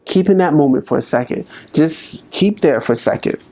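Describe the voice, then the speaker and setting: A man speaking as a motivational speaker, slowly coaching listeners through a guided exercise. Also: on the high side, animated, vocal fry, darkish tone. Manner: slow, coaching delivery with long pauses.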